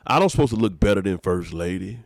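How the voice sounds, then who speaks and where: A man's voice: sits low, lively intonation, fast talker, no room sound, studio quality. A man, a pastor hosting a podcast, preaching emphatically in casual talk and repeating his phrases.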